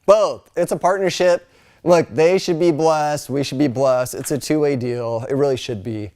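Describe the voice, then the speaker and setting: Middle-aged American man, Bible college teacher, casual lecture, slightly high voice, chatty with lots of asides. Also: moderate pace. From United States. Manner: chatty, animated, full of fillers, mimics voices.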